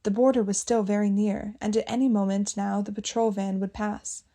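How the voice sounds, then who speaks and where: A woman reading a novel aloud as an audiobook narrator. Her tone is warm and mellow, and she keeps a steady, measured storytelling pace through long descriptive passages. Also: medium pitch.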